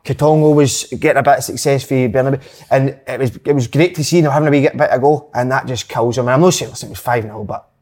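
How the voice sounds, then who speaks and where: A Scottish man co-hosting a casual football chat, animated and emphatic, with some swearing. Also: mid-range voice, fast. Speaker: podcast co-host.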